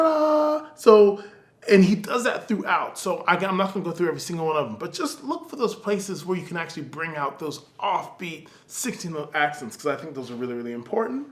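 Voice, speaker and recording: A man with a fairly high voice gives a casual music lesson. He sings the passages aloud in quick syllables and starts over mid-sentence. The room around him is echoey. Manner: talks in loose restarts. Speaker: music teacher giving feedback.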